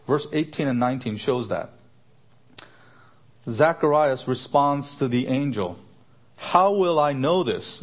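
A man preaching an expository sermon, earnest, lifting his voice to stress a point and repeating his questions. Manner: earnest, rising pitch for emphasis, repeats questions. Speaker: pastor.

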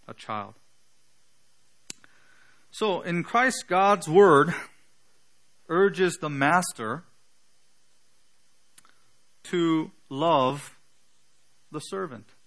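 Bright-voiced man preaching a sermon. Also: mid-range voice. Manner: earnest, teaching with emphatic pauses and fillers. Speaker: pastor.

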